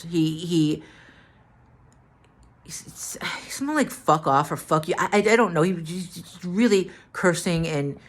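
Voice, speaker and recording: A tired, drained woman telling a story to the camera in a halting way, repeating words and restarting. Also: fairly low pitch. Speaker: vlogger.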